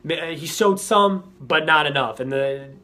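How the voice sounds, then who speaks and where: A man's voice: on the high side, slow, bright, forceful tone. A young man from Florida, a hockey fan vlogger, rambling through an angry rant about his team and swearing often.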